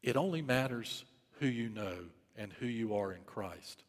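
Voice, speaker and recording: A man's voice: lowish voice, expressive, unhurried, big-room sound. A man preaching a sermon, telling a story in an urgent, emphatic way and repeating key phrases. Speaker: pastor.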